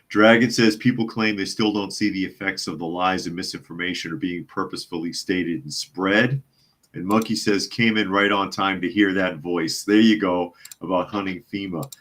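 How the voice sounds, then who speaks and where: Wry, low-voiced male podcast host. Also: fairly bright tone. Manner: wry, chuckling, skeptical. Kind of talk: live news chat podcast reading viewer comments.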